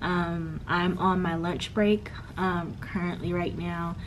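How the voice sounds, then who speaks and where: A woman's voice: on the low side, flat delivery, slow, background noise. A young woman in her twenties, a grad student, chatting casually to her viewers in a stressed, tired way, full of fillers and calling them y'all. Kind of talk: casual vlog chat.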